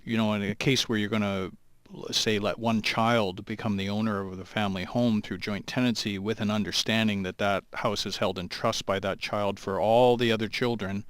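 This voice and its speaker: A man, a lawyer guest, explaining legal ideas in a thoughtful, halting way on a talk show. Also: lowish voice, fairly even intonation, a bit bright, clear, resonant tone, no room sound. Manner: thoughtful, halting, with many restarts.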